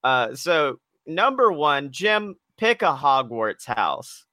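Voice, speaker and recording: Bright, playful man co-hosting a podcast. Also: on the high side, big pitch swings, takes it slowly, no echo, clean studio sound. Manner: playful, joking, swears freely. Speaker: podcast co-host. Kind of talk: casual chat.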